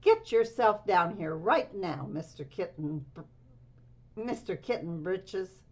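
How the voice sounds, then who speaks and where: A woman's voice: mid-range voice, lively intonation, slow, husky, dull audio, heavily acted. Woman doing a stern scolding mother cat. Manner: scolding, lecturing.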